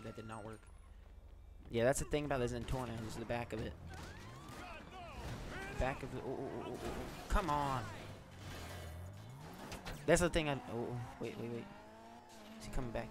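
An excitable man of middling pitch narrates gameplay live, swinging from loud shouts to low mutters. Noisy car and engine sounds from the game run behind him. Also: normal speed, gravelly, pauses often. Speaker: gaming YouTuber.

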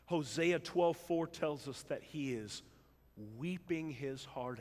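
Pastor preaching in a reverberant church. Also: male voice, slow. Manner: preaching with big swings between loud emphatic build-ups and hushed low passages. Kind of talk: sermon. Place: church sanctuary. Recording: long church hall reverb.

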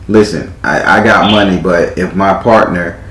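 A man's voice: low voice, moderate pace, fairly bright tone, echoey room, poor audio. A man doing a live tarot reading in a theatrical, teasing way, swearing freely as he talks to a client. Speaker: tarot reader.

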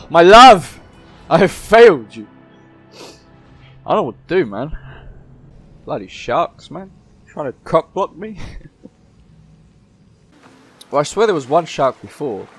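A man's voice: fairly high pitch, measured pace, long pauses, slightly rough. Bloke narrating his gameplay, jokey and sweary, faint music behind. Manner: joking, sweary, excitable. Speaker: gameplay YouTuber. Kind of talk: casual gameplay commentary.

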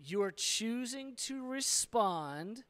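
A man's voice: very high-pitched, lively intonation, takes it slowly, a bit bright, smooth. A male pastor talking frankly in a conversational sermon, with fillers and restarts. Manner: plain-spoken and frank, with fillers.

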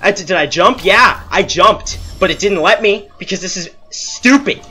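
A young man with a high, bright voice talks over his gameplay, ranting at the game and making fun of himself. His pitch swings widely, and he talks slowly even when annoyed. Soft music plays under his voice. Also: slightly rough. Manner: frustrated, self-mocking rants at the game. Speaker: let's play gamer. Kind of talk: casual gameplay commentary.

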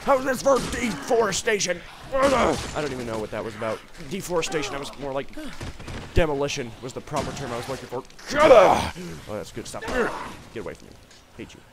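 With crowd noise in the background, a young let's play host talks into his gaming headset a little fast, his medium-pitched voice making big pitch swings. He's goofy and rambling, full of yelps and silly voices, casually commenting as he plays.

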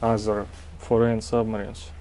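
A man's voice: lowish voice, monotone, measured pace, warm tone. A man with a Russian accent, a native Russian speaker, giving a casual tour vlog in broken, chatty English with many fillers. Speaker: vlog host. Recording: noisy background.

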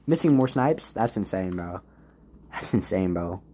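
A man giving casual gameplay commentary as a gaming YouTuber, swinging between low muttering and loud, frustrated outbursts. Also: animated, a little slow, slight background noise.

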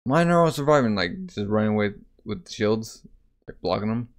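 A man's voice: fairly low pitch, animated, a little fast. A man casually reading a comic aloud in a chatty, rambling way, often correcting himself. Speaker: comic reader.

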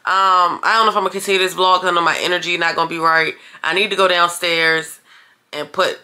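A woman talks straight to her viewers in a casual vlog. She is chatty and blunt, calls them y'all and swears freely when something annoys her. Her voice sits a little low but comes across bright and forceful. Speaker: vlogger. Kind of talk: casual vlog talk to camera.

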